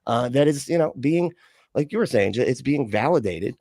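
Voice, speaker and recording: A man's voice: medium pitch, expressive, normal speed, dark tone, no room sound, studio quality. A man in casual livestream chat, rambling and profane, packed with "like" and "you know". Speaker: livestream co-host.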